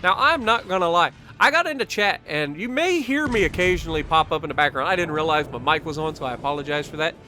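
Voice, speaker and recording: Bright, upbeat man narrating gameplay. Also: on the high side, animated, fast, hardly any pauses. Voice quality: chuckles often, upbeat and talkative. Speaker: gaming commentator. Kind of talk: casual gameplay commentary.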